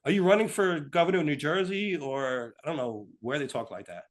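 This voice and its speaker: Brief: male co-host, animated, mimics voices mid-talk. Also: on the high side, brisk. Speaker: podcast co-host. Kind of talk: casual political talk.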